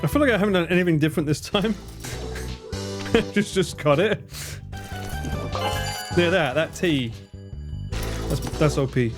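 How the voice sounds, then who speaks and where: Man, animated joking game commentary, swears freely, slightly high voice. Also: unhurried, pauses often. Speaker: streamer. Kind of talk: live game stream commentary. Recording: game music playing behind.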